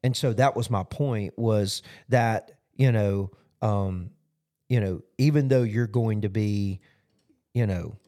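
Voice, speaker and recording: A male pastor with a low, dark voice takes his time recapping his sermon in a casual podcast. He meanders along, leaning heavily on "you know."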